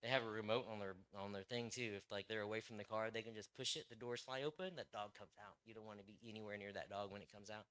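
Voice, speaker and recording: A man's voice: fairly low pitch, steady tone, fast, few pauses, fairly bright tone, clean tone. A young man, a police officer, speaking as a guest to a church group in a rambling, casual way with many fillers and restarts.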